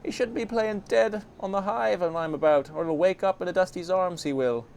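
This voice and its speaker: A man voicing a sharp-tongued young female thief in a game reading, with a put-on folksy dialect. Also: high voice, a little fast, vocal fry, a little hiss or hum, pitched above the performer's own voice. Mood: scornful.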